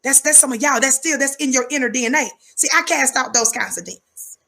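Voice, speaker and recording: Woman commentator, high-energy preacher cadence, husky voice, pitched a bit high. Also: fairly quick, bright, forceful tone. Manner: emphatic, rhythmic, repeats words for effect; calls herself high-energy. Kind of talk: fiery preaching-style commentary.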